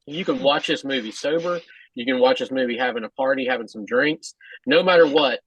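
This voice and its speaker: A man co-hosting a podcast who talks in a halting, hesitant way with many restarts. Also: mid-range voice, fairly bright tone, slightly rough, dry recording, lo-fi sound. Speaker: podcast co-host. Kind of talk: casual podcast chat.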